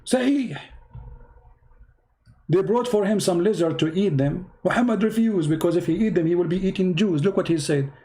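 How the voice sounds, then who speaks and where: Sarcastic man with a mellow voice. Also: high voice, quick pace, few pauses. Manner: sarcastic, emphatic, mocking; non-native English grammar. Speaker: religious debater. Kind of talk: mocking polemic commentary.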